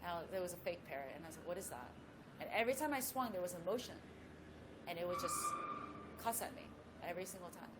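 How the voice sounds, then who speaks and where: A woman, a professional golfer, telling a story as a guest in a casual chat with lively asides. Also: fairly low pitch, quick pace, background noise.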